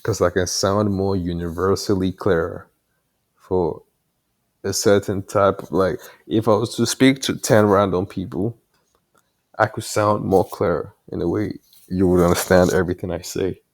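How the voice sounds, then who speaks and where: Low gravelly man with an African accent. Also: steady tone, a little slow. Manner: mumbling, rambling with fillers and mild cursing. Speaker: developer vlogger. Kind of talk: casual talking to himself while coding. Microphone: headset mic held far from mouth.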